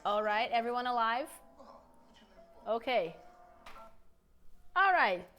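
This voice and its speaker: A woman teaching an online English lesson, upbeat and coaxing, slowing down to model sentences for learners to repeat. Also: a little high, big pitch swings, muffled recording, soft background music.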